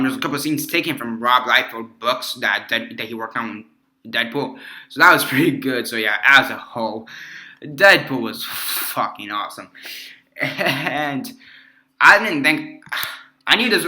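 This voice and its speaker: Man, casual movie review vlog, very bright voice, rambling, lots of ums and restarts, casual swearing. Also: mid-range voice, lively intonation, normal speed. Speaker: movie reviewer, channel host.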